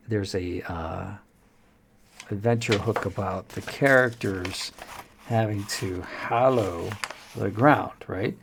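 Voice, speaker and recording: A man who runs tabletop games, explaining in a rambling, halting way with plenty of fillers. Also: fairly low pitch, creaky, slightly rough. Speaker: dungeon master. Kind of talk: casual explanatory talk.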